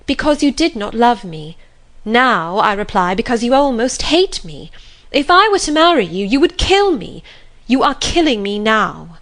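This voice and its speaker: A woman's voice: medium pitch, expressive, normal speed, natural voice. A woman reading the lines of an earnest, resolute young heroine, pleading yet firm. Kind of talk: audiobook reading.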